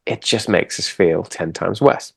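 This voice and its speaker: A man co-hosting a podcast and working with clients, talking in a calm, agreeable, musing way. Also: low voice, a little slow, creaky, husky, no room sound, clean studio sound. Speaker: podcast co-host and coach. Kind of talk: reflective conversational chat.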